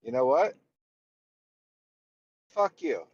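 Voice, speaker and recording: A man's voice: mid-range voice, big pitch swings, very slow, darkish tone, breathy edge, muffled recording. A man who co-hosts a live trading stream, bantering bluntly with his friends, teasing them and swearing freely. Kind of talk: casual banter.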